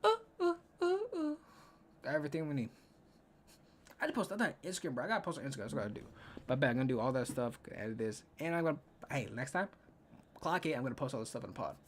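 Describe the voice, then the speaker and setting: A man's voice: mid-range voice, animated, racing, a little hiss or hum. A young man hosting a solo podcast in casual chat, rambling and swearing, counting under his breath while he thinks aloud. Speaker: podcast host.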